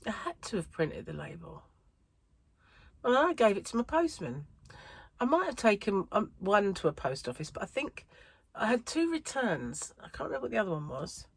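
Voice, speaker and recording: A woman's voice: medium pitch, sing-song, normal speed, gravelly, husky, no echo. A woman from the United Kingdom, a crochet vlogger, chatting casually to her viewers in a rambling way with many fillers and frequent laughs. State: a bit out of breath. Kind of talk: casual chat to camera.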